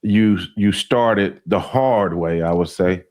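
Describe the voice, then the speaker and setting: A man hosting a podcast, speaking in a relaxed, halting way with many fillers. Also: deep voice. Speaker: podcast host. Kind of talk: casual interview.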